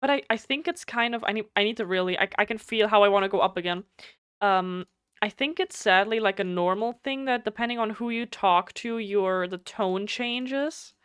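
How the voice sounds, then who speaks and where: A woman's voice: mid-range voice, normal speed, a bit bright, clear, resonant tone, no echo, clean studio sound. A woman with a German accent, a native German speaker, chatting casually and bluntly on a live game stream, swearing freely, her voice slightly nasal.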